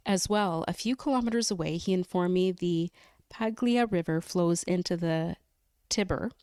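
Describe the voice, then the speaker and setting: Smooth-voiced woman reading a novel. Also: lowish voice, a little mellow, no echo, clean studio sound. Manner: careful, measured reading with light laughs. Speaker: podcast guest.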